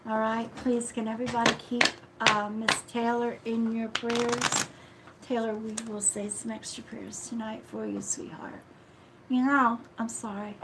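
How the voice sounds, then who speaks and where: A woman hosts a live psychic reading stream, speaking in a soft, affectionate tone and calling viewers sweetheart. She often apologizes and trails off mid-thought. The audio is a noisy live-stream recording with a clear hiss underneath. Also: a little high. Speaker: psychic reader.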